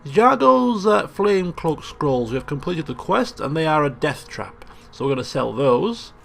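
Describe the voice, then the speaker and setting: A man's voice: on the high side, sing-song, unhurried, creaky, a bit bright. A man giving chatty, joking commentary as he plays a video game. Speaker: let's play host. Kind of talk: casual gameplay commentary. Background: game music.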